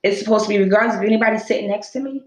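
A woman's voice: medium pitch, very fast. A young adult woman hosting a podcast, telling her own story in casual heartfelt talk, acting out quotes as she goes. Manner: expressive storytelling, acts out quotes. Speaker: podcast host. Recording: echoey room.

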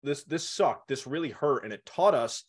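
A young man in casual conversation, co-hosting and telling childhood stories with animated, acted-out quotes. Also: a little high, normal speed, slightly rough. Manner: animated storytelling, acts out quotes.

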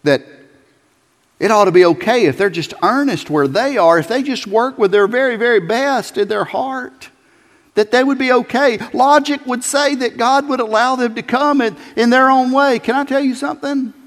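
A male pastor preaching a sermon in a folksy, emphatic way, building to loud peaks. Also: very high-pitched, moderate pace. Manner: folksy, emphatic, rising to shouts. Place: church sanctuary. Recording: church hall reverb.

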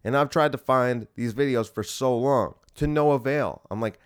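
A man hosting a solo podcast, ranting in an exasperated, animated way with plenty of swearing. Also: mid-range voice, moderate pace, few pauses, clean tone, no echo, clean studio sound. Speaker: podcast host. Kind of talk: casual solo podcast rant.

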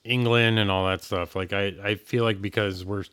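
A man's voice: lowish voice, fairly even intonation, moderate pace, fairly bright tone, clean tone. A man co-hosting a casual chat podcast, joking and teasing with frequent laughter. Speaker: podcast co-host.

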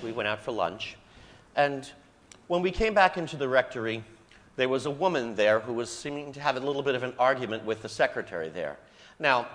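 Priest preaching in a reverberant church. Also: male voice, medium pitch, fairly bright tone. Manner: storytelling, conversational with asides. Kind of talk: live homily. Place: parish church.

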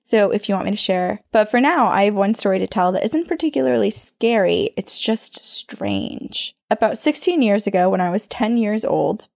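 Woman co-host with a gravelly, dry voice. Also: medium pitch, animated, fairly quick, few pauses, darkish tone, no room sound. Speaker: podcast co-host. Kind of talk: reading a listener's ghost story aloud.

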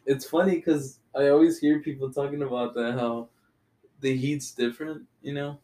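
A man's voice: mid-range voice, fairly even intonation, normal speed, dark tone. A young man from Texas in casual chat as a podcast co-host, laid-back and swearing freely. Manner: laid-back, swears a lot, says "dude".

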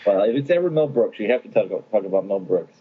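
A man's voice: on the low side, fast talker, breathy edge. A man co-hosting a podcast, chatting casually and retelling scenes with giggly enthusiasm. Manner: giggly, animated storyteller. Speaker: podcast co-host. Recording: dull lo-fi podcast audio.

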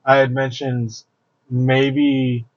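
A man talks things through on a casual podcast, reflective and full of ums as he works out his point. His voice sits at an ordinary middle pitch. The sound is dry and a little dull. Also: level tone, drawn-out words, no room sound. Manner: thinking aloud, reflective, with fillers. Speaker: podcast co-host. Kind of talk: casual chat.

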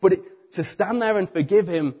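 A middle-aged British man preaching a sermon, telling the story with animated acted-out voices. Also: high-pitched, moderate pace, husky.

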